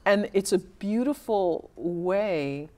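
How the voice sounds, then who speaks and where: A woman's voice: medium pitch, expressive, takes it slowly, a little mellow. A woman novelist speaking as a guest in a conversational interview, thoughtful and searching for words with small restarts.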